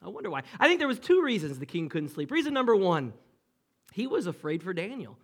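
A man preaching a sermon to his congregation, telling the story with dramatic pauses, jokes and asides. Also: high voice, very animated. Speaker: pastor.

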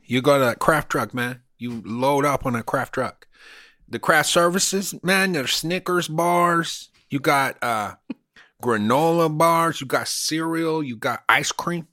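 A man's voice: on the high side, sharp tone, no echo, studio quality, voice pushed up. A man in his forties voicing a boastful Hollywood insider, with an exaggerated fake movie-gangster Cuban accent and swaggering brags. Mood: bragging. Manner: swaggering, bragging, drawn-out "man" tags.

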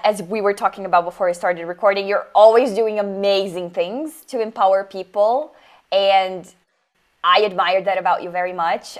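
Effusive woman podcast host. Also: medium pitch. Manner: warm, effusive praise of guest. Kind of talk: friendly conversational interview.

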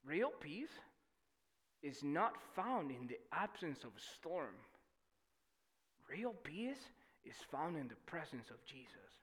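A young man preaching a sermon in church, animated and swinging from shouting to near-whispers. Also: fairly high pitch, slow, long pauses, husky. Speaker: pastor.

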